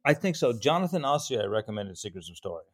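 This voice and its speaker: A man with a smooth, mellow Southern American accent, chatting as a podcast guest and telling stories with animation. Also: lowish voice, fast talker, dry recording, clean studio sound. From Alabama. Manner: animated anecdotal storytelling. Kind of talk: casual podcast chat.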